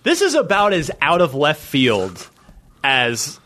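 A man hosting a gaming podcast, talking in an animated, chatty way. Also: on the high side, takes it slowly. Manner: animated, chatty, plugs segments. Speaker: podcast host. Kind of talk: casual podcast chat.

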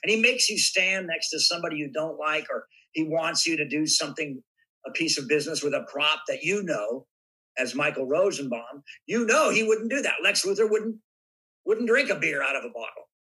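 A man in casual interview chat, spinning lively anecdotes and slipping into voices to act them out. His voice is very bright and forward, with a husky edge, pitched a little above most men. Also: moderate pace, rough recording. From United States. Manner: animated raconteur, acts out voices in anecdotes. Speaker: guest actor.

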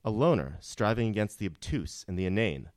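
A man's voice: fairly low pitch, lively intonation, brisk, no echo, clean studio sound, close to an everyday voice. A man voicing an earnest, idealistic young artist who is founding a bar in an audio drama.

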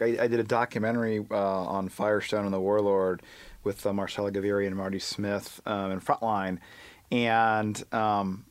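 A man with a lowish voice talks as a podcast guest, recorded close and dry with almost no room sound. He talks in an animated way, often breaking off and restarting his sentences. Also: no echo. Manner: animated, halting, many restarts. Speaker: guest reporter. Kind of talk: conversational interview.

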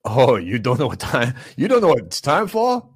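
A man's voice: mid-range voice, huge pitch swings, normal speed, husky, no room sound. A man playing a mumbling, boastful middle-aged male action-movie star as a comic talk show host. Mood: hyped, boastful. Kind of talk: comedic celebrity impression.

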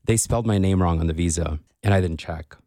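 A man co-hosting a podcast, telling a travel story in a lively, animated way. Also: deep voice, fast, no room sound, studio quality. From India. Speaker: podcast co-host. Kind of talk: casual chat.

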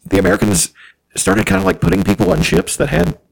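A man's voice: high voice, steady tone, quick pace, vocal fry, low-quality recording. A man co-hosting a podcast, rambling through profane jokes and history tangents in casual banter. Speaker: podcast co-host.

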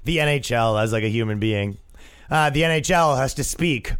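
A male comedian and podcast host riffing in a casual comedic monologue, animated and quick to slip into voices. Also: medium pitch, clear, resonant tone.

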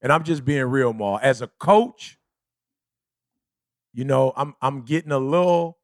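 A man's voice: mid-range voice, a little slow, long pauses, no room sound, studio quality. A man hosting a casual podcast as a life coach, talking emphatically and preachily, repeating himself and calling his friends "bruh".

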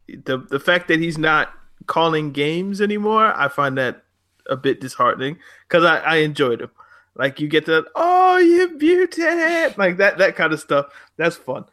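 Blunt man, high, bright voice, swings widely in pitch, heated co-host. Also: normal speed. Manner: blunt, animated, swears freely. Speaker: podcast co-host. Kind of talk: heated casual chat.

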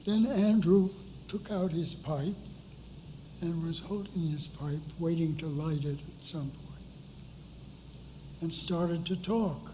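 Older man, mellow voice, slow-paced, measured anecdote, panel talk. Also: on the high side, a little hiss or hum, poor audio. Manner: unhurried, measured recollection. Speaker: panelist recalling hiring a colleague. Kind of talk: anecdotal storytelling. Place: panel discussion at an art school.

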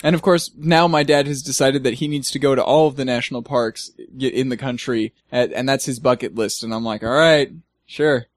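A man's voice: mid-range voice, fairly even intonation, fairly quick, hardly any pauses, dry recording. Rambling young man, dry sound. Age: young adult. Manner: rambling, laughs often, many fillers. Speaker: podcast co-host. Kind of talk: casual chat.

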